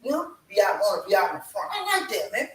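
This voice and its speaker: An energetic man hosting a casual home show, talking with a bright, forceful edge and hyping up his viewers. His voice sounds far from the mic, with a roomy echo and faint noise behind it. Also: sits high, fast talker. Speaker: show host. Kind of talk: casual live chat. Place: room at home. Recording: echoey room, voice from far off.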